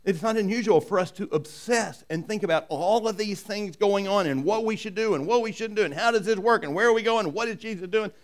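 A man's voice: high-pitched, fairly quick, hardly any pauses. A middle-aged man preaching a sermon in a conversational way, often asking "right?" and acting out quoted voices. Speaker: pastor.

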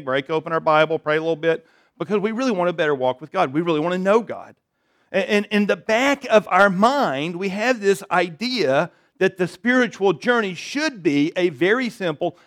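High-voiced pastor preaching conversationally. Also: male voice. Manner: conversational, self-deprecating, frequent "right?" asides. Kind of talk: sermon. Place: church service before a congregation.

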